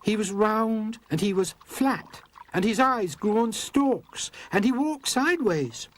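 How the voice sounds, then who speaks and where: A man's voice: high-pitched, lively intonation, slow pace, voice pushed up. A man voicing a little girl telling what she saw, in a simple, earnest way. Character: little girl, a small daughter.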